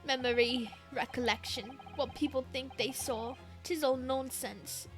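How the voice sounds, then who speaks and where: A woman doing a smug older man on trial, put-on British accent, slow drawl, fairly high voice, game music behind. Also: fairly even intonation. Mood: dismissive. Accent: put-on British, meant as Irish. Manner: slow, drawn-out, dismissive. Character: smug older male defendant, brusque. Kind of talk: live-stream game voice reading.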